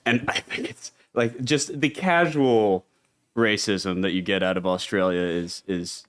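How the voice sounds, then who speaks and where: A man appearing as a comedian guest on a podcast, talking in a relaxed, casual way with some hesitation. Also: low voice, a little slow. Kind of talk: casual chat.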